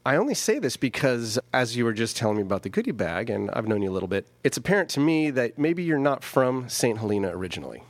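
A man's voice: medium pitch, fast, few pauses, no echo. Chatty radio host guy from california, voice jumps around a lot, dry close mic. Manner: laughs often, chatty and animated. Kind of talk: casual radio interview.

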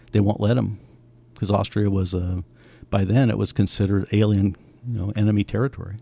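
A man in his seventies telling his family's story in a conversation, lively and acting out the voices of people he quotes. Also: lowish voice, gravelly, husky. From United States. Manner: animated, acts out quoted voices.

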